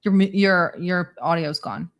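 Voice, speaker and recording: A woman's voice: lowish voice, a little slow. Woman host reading news conversationally. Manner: reads news aloud conversationally, hesitant fillers. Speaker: show host. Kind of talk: casual political talk show.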